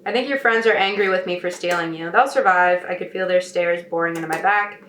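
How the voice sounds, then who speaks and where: Fairly quick and fairly bright, with a fairly low pitch, a woman writer reads her novel aloud and interjects snarky, sarcastic remarks in casual talk. Her room echoes, and faint noise can be heard.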